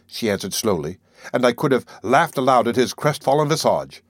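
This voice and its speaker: Male audiobook narrator, mid pitch, even literary delivery, dry booth sound. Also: normal speed, no room sound.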